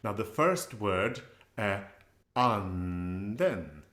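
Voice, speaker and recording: A man teaching a live class, patient and laughing often as he says words slowly for learners to repeat. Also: medium pitch, lively intonation, roomy sound. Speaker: Swedish language teacher. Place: presentation room with slides.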